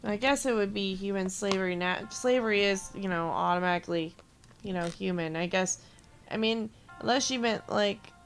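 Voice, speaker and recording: A woman's voice: mid-range voice, moderate pace, soft background music. A young woman streamer venting to her viewers in a rambling, swearing rant. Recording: noisy background.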